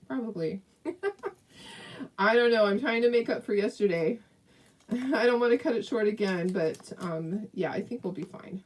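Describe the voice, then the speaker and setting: A woman's voice: mid-range voice, moderate pace, a little mellow, far from the mic. A middle-aged woman hosting a casual live craft tutorial, chatty and rambling, with lots of fillers and frequent laughs. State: hiccups.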